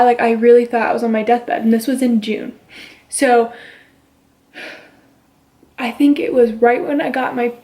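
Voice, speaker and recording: A woman's voice: on the high side, darkish tone. A young woman vlogging at home, chatting casually as she retells a story and quotes the people in it. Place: at home with her baby.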